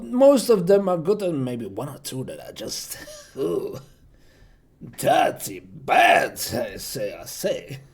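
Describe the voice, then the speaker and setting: A man's voice: high-pitched, vocal fry. A man streaming live, chatting casually about the voices he can do, rambling and restarting his sentences. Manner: rambling, meandering, many fillers and restarts.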